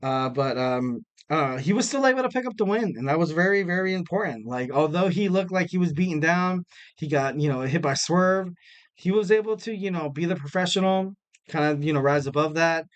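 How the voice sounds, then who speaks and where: A man's voice: on the high side, lively intonation, brisk, clean tone. A man hosting a wrestling podcast alone, rambling casually with lots of fillers and self-mocking jokes. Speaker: podcast host. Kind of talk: casual solo podcast talk.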